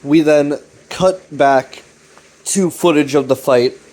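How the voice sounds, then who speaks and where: A man giving a casual, rambling recap of a web series. He is excitable and profane, repeats himself, and keeps checking in with "right?". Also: a little high, takes it slowly. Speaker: YouTube commentator.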